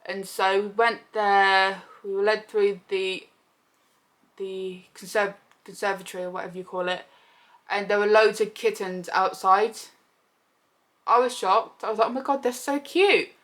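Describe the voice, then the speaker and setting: A woman's voice: medium pitch, unhurried. A young woman, telling a personal story in a casual, chatty vlog and acting out what people said. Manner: chatty, animated retelling with quoted voices. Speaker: vlogger.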